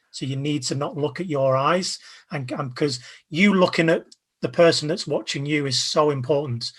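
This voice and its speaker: A man being interviewed as a guest, giving casual advice with an energetic, emphatic coaching tone. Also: a little high. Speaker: guest, video creator.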